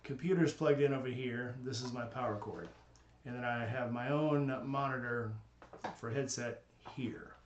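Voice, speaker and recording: A man's voice: medium pitch, moderate pace, lo-fi sound, slight background noise. Sex: man. Role: live streamer. Style: casual chat with viewers, thinking aloud, slightly hesitant. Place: small home studio. Mic: desk condenser mic. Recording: roomy echo. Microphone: condenser microphone at a desk.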